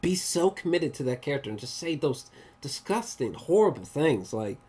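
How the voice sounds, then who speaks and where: A movie reviewer talking through a casual spoiler review vlog, animated and excitable, rambling with many restarts and swearing often. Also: medium pitch, normal speed, husky. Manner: rambling, with frequent restarts and fillers.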